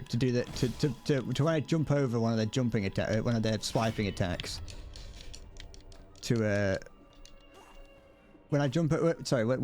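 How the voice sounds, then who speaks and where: A man's voice: mid-range voice, darkish tone. A young man giving casual, rambling commentary while playing a game, self-deprecating and chatty. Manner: rambling, self-deprecating, frequent laughs and restarts. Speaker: streamer.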